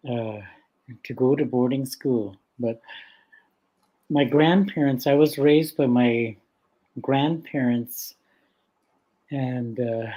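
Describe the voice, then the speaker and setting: An older man from the west coast of Vancouver Island, a guest storyteller telling stories in an unhurried, gentle way with frequent laughter. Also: medium pitch, poor audio. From west coast of Vancouver Island, Canada. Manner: unhurried and gentle, laughs often between phrases. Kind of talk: casual spoken storytelling.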